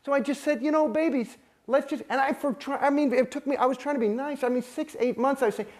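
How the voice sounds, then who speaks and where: A man's voice: very high-pitched, fast talker, few pauses, darkish tone. A man in a candid interview, telling a long story in a rambling, heated way and swearing constantly.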